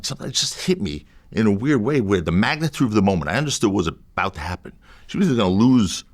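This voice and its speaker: A male defense lawyer with a low voice appears as an interview guest, telling a story in an animated, emphatic way. He repeats phrases to drive his point home.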